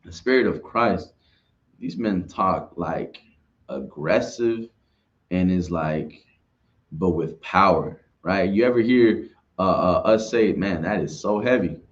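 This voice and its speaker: Man, low voice, rambling class talk, keeps asking right, dull lo-fi sound. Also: slow. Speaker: class speaker. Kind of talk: informal religious class talk.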